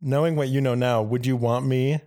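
A man's voice: medium pitch, steady tone, moderate pace, warm tone, no room sound, clean studio sound. A man co-hosting a comedy podcast in casual chat, joking and acting out silly movie scenes. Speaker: podcast co-host.

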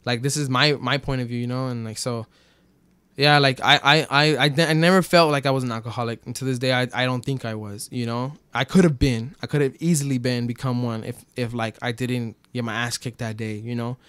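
A man's voice: mid-range voice, fairly even intonation, fairly quick, a bit bright, smooth, no echo. A young man telling a story in casual chat, rambling with lots of fillers and swearing. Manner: rambling, many fillers like "bro" and "like", swears freely. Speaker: podcast guest telling his story.

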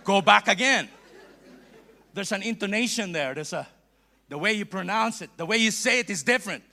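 Animated, bright-voiced Filipino bishop preaching. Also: male voice, sits high, moderate pace, creaky. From Philippines. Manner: playful, animated preaching with laughs and asides. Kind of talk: sermon.

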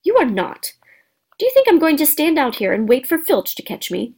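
A woman's voice: high-pitched, huge pitch swings, normal speed, darkish tone, pitched above the performer's own voice, full character voice. A woman voicing a bossy, know-it-all schoolgirl who lectures shrilly in a storybook reading. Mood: indignant lecturing.

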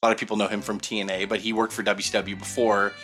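Casting: man, bright forward tone, easygoing storyteller, soft music underneath. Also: on the low side, racing. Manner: rambling, animated, many fillers. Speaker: podcast co-host telling stories. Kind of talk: casual storytelling chat.

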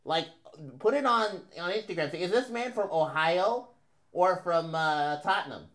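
A man co-hosting as the show's producer in casual chat, dropping wisecracks and deadpan one-liners. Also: high voice, normal speed. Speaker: producer and co-host.

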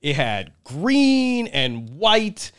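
A man in his thirties tells a meandering weekend story on a casual podcast, swearing and laughing as he goes. His voice is smooth and clear, sitting a touch high for a man. He talks with a lot of swing in his pitch. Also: wildly swooping pitch, extremely slow. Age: 30s. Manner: rambling, swears freely, laughs often. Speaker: podcast co-host.

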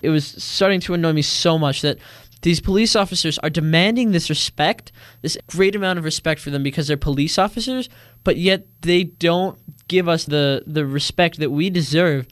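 A man's voice: a little high, moderate pace, no echo, clean studio sound. Indignant teenage boy telling his story. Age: teens. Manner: earnest, indignant, acts out quoted voices. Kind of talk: personal storytelling monologue.

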